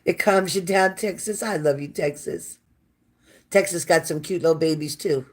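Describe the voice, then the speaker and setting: A woman with a raspy, low smoker's voice and a sore throat, hosting a casual livestream and warmly thanking viewers by name. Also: normal speed. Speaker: livestream host reading viewer comments.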